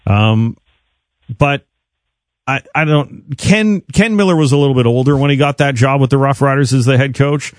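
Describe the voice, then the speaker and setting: A male radio host speaks into a studio mic, close and dry. He talks in an easygoing, unhurried way with a light teasing edge. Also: medium pitch, no room sound. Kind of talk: casual radio interview.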